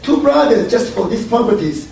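A man's voice: very high voice, very animated, moderate pace, gravelly, darkish tone. A man teaching a Bible study sermon, often tagging his sentences with "huh?" and "yeah?" and repeating words as he goes. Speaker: church teacher. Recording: very echoey room, distant mic, faint noise.

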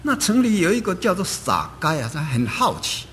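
A man preaching a sermon in lively, emphatic phrases, pausing for an interpreter. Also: high voice.

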